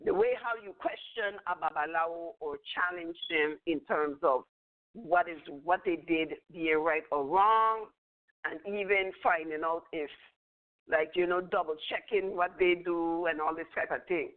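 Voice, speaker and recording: An older woman who is a spiritual teacher gives a casual teaching talk at normal speed in a lowish voice. She rambles through stories with a chuckle, and the audio sounds tinny, like a phone line.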